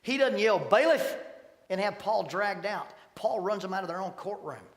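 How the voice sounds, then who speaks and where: Middle-aged man preaching, lively storyteller with a slightly high voice, echoing through a big church hall. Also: normal speed. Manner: storytelling, acting out quoted voices with sudden loud bursts. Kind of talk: sermon. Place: church sanctuary. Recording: long hall reverb.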